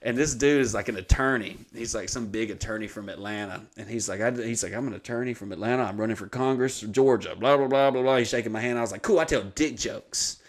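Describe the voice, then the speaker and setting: A man's voice: fairly low pitch, quick pace, few pauses, slight background noise. A man telling a comic story on a podcast, swearing freely and acting out the voices of the people in it. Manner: profane, animated, acts out quoted voices.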